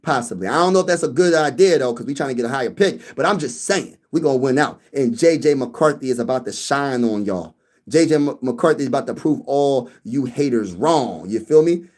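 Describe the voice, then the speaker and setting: A man's voice: mid-range voice, lively intonation, fairly quick, a little mellow. A man hosting a casual sports livestream, reading viewer comments and talking with boastful hype and lots of slang. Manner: hyped and boastful, repeating phrases for emphasis; slangy street talk, calls listeners bro and baby. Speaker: sports channel host.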